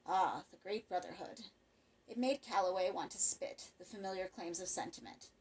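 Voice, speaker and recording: A woman narrating a horror short story as an audiobook in a measured, expressive storytelling manner. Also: on the low side, slight background noise, rough recording. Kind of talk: scripted narration.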